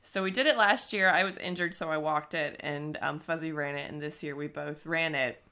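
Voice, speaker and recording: Female podcast co-host, low pitch, bright forceful tone, chatty and fluent. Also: moderate pace. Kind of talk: casual podcast chat.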